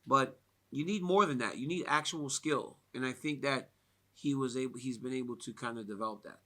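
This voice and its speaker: A man's voice: mid-range voice, moderate pace. A man from the United States speaking at a fight media day, telling stories casually with many fillers and frequent laughs. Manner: animated storyteller, laughs often, many "like" fillers.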